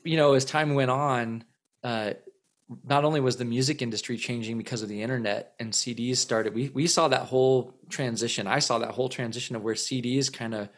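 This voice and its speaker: A man in his thirties tells a long story as a musician guest. His voice sits at an ordinary middle pitch. He rambles along, circling back with repeated words and plenty of fillers. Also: fairly even intonation, a little fast. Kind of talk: casual storytelling interview.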